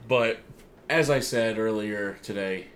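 Excitable man recapping with a cohost. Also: fairly low pitch, slow pace. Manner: excitable storyteller, acts out quotes. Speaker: podcast co-host. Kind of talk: casual recap chat.

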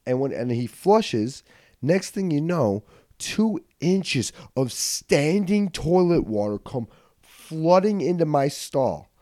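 A man hosting a podcast, telling a comedic story in casual chat. He swears freely, laughs as he goes, and swings from low mutters to loud outbursts on a studio mic. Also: takes it slowly, no room sound. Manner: animated, swings from mutters to yelling. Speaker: podcast host.

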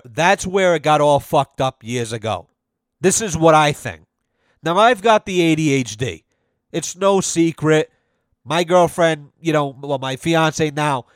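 A young man rants on his podcast with a slightly high voice, swearing freely and acting out the people in his stories. The sound is dry and close, with no room around it. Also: no echo. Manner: profane, animated storytelling with quoted voices. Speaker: podcast host. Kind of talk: casual ranting monologue.

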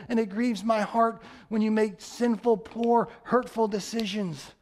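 High-voiced man preaching a sermon. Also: fairly even intonation, normal speed, hardly any pauses, a little mellow. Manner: conversational, repetitive emphatic preaching. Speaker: pastor.

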